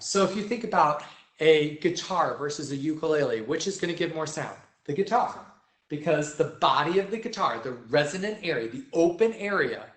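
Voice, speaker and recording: A young man teaching vocal technique to a choir, explaining step by step and often checking in with "right?". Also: fairly high pitch. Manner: sings vocal demonstrations. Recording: roomy echo.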